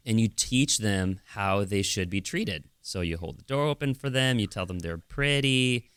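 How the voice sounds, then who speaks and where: Low-voiced man telling a dad story. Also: lively intonation, moderate pace, a bit bright, clean tone, no room sound. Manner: storytelling with laughs and acted-out quotes. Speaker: podcast co-host. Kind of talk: casual chat.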